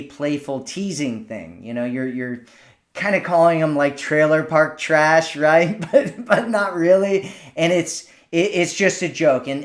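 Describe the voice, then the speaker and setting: A man with a voice of ordinary pitch talks through dating advice like he's coaching a friend. His delivery is casual and conversational, and he keeps checking in with a quick "right?" as he goes. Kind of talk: instructional talk to camera.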